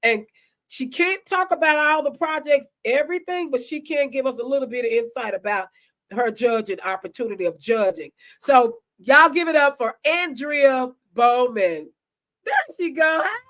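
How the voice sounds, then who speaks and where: Chatty high-voiced woman host. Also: normal speed. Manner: chatty, animated, addresses audience as "y'all". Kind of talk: casual live-stream chat.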